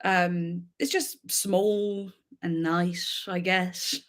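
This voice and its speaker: A woman's voice: lowish voice, steady tone, extremely slow. A young woman from Devon with an English accent, hosting a casual livestream chat in a bubbly, rambling way, full of "like"s and giggles. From Devon, England. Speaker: livestream host.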